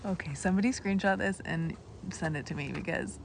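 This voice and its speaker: A woman giving live-streamed commentary on a night beach walk, bubbly and excitable as she points out sea creatures outdoors. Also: on the low side, fairly quick, creaky, a little hiss or hum. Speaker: naturalist guide on a live stream.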